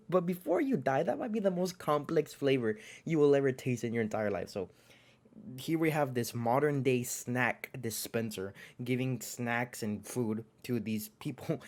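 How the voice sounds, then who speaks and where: Young man, mid-pitched, chatty reviewer, lots of likes and restarts, excitable jokey asides. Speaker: anime reviewer. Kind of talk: casual video review.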